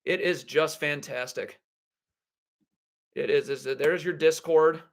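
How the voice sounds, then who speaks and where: A man's voice: fairly high pitch, takes it slowly. A man hosting a live basketball draft reaction stream, blunt and sarcastic as he rants. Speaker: basketball livestream host.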